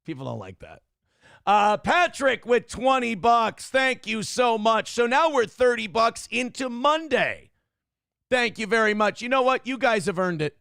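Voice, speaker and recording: A middle-aged man hosts a livestream morning show, brash and taunting as he reads out donations. His voice sits high and has a gravelly rasp. The sound is dry and close. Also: animated, unhurried, sharp tone, no echo. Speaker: host.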